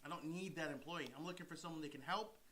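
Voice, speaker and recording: Easygoing man, high bright voice. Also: fast talker. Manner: easygoing, reads out viewer comments. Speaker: loan officer and livestream co-host. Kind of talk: casual livestream chat.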